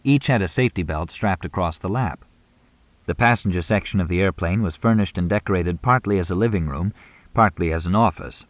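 Male audiobook narrator, measured, low and dry. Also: no echo. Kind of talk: scripted narration.

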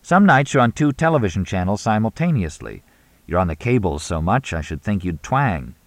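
A dry-witted journalist, deadpan and quick with a quip, low-voiced. A male reader voices him in a dry, close recording. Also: no room sound. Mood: wry.

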